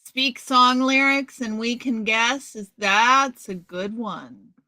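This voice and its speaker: Slow-talking bright middle-aged woman host. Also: a little high, no room sound. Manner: chatty, slow, rambling with restarts. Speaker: live stream host. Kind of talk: casual live stream chat, reading out viewer comments.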